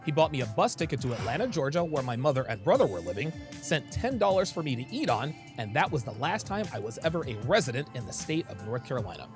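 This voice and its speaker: A man hosting his channel, telling a personal story in an animated, dramatic way. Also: mid-range voice, quick pace, few pauses, over music. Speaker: host.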